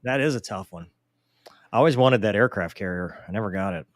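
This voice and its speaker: A man's voice: on the low side, fairly quick, dry recording. Joking man reading viewer questions. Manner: joking, self-deprecating, animated. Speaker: host answering viewer mail. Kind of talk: casual live Q&A chat.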